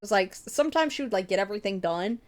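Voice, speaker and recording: Young woman, streamer, casual chat, rambling, swears a lot, laughs often, mid pitch. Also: expressive, rapid-fire.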